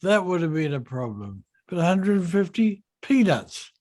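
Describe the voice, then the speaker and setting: A man voicing a gruff middle-aged Scottish hydraulics engineer with a broad Scottish accent, brisk and unfazed by the problem. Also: sits high, big pitch swings, darkish tone, pitched above the performer's own voice. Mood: offhand.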